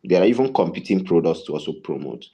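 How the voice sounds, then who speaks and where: A man's voice: low-pitched, fast. A man leading a tech sales bootcamp, telling stories and asking rhetorical questions as he teaches. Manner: animated, storytelling with rhetorical questions. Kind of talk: bootcamp lecture with storytelling.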